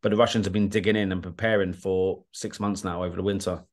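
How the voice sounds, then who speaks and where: A British war documentary filmmaker, guesting on an interview podcast, tells war stories casually but bluntly and with real animation. He swears freely and keeps asking "do you know what I mean" to check the listener follows. His voice is low-pitched and he talks fast.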